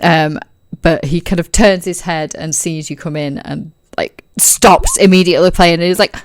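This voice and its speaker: A woman's voice: on the low side, normal speed. A woman narrating a tabletop game as game master, chatty and full of filler words.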